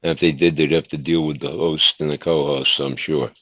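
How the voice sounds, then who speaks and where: A reassuring man speaks up in an audio chat room to support a speaker. His voice is very deep, dry and a little dull in sound. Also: flat delivery, a little fast, fairly bright tone, no echo.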